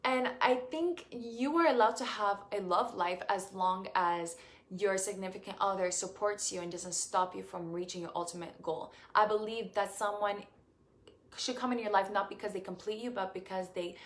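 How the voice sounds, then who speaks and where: A woman's voice: medium pitch, normal speed. A young woman from Puerto Rico, a beauty queen answering fan questions in a casual live stream, effusive and grateful, with many fillers and restarts.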